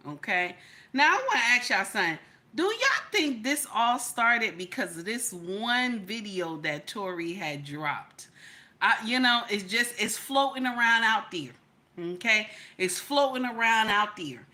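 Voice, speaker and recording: A woman's voice: mid-range voice, very animated, measured pace, sharp tone. A middle-aged woman hosting a casual live chat, greeting viewers by name and tagging her sentences with "okay?" and "baby.". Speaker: livestream host.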